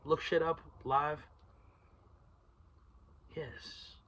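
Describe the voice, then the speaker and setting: A man's voice: fairly high pitch, flat delivery, extremely slow, fairly bright tone. Rambling, swearing man podcaster. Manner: rambling, swears freely, laughs at own tangents. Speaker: podcast host. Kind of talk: solo podcast rant.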